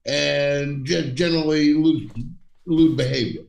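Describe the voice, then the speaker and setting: A man's voice: a little high, steady tone, unhurried, gravelly, darkish tone. A man doing a prim priest in a joke, echoey. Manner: mildly annoyed, then apologetic. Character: stern middle-aged male priest in a joke. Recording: echoey room, distant from the mic.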